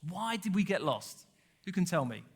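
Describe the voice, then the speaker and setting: A man preaches with a high, light voice that rings through a reverberant church hall. His delivery is chatty and playful, breaking into laughter and little sung snippets. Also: very animated, moderate pace, husky. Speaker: pastor. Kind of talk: sermon.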